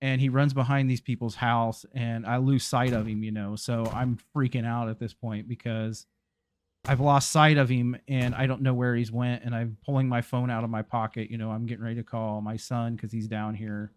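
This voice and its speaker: A man's voice: medium pitch, level tone, normal speed, a little hiss or hum. A man, hosting a gaming channel and telling a rambling story while he plays, full of restarts and fillers. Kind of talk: casual storytelling while playing a game.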